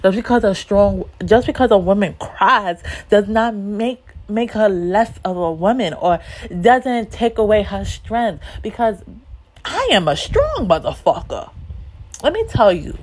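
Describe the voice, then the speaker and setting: Blunt, profane woman podcaster, slow-spoken. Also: mid-range voice, expressive. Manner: repeats lines for emphasis. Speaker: podcast host. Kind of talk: solo podcast monologue.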